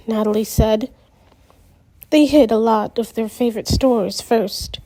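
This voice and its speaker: Slow-reading woman narrator. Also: a little high, fairly even intonation, mellow. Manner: unhurried, with small slips and asides. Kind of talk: reading a novel aloud.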